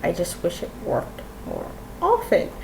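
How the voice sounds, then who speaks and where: A woman's voice: on the low side, wildly swooping pitch, measured pace, gravelly, warm tone, a little hiss or hum, rough recording. Chatty rambling woman vlogger. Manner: chatty, rambling, swears and laughs easily. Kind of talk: casual rambling vlog. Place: room at home.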